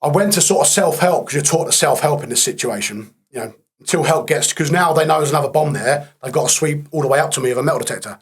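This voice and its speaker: A man's voice: a little high, fast, husky. Blunt, matter-of-fact man telling his story. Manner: blunt, matter-of-fact retelling, dark humour. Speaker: podcast guest. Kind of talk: candid storytelling interview.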